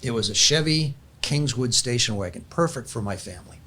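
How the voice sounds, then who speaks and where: A man's voice: mid-range voice, expressive, a little fast, fairly bright tone, a little hiss or hum. A man, older in years, earnestly sharing a personal faith story in casual chat, with frequent restarts. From California.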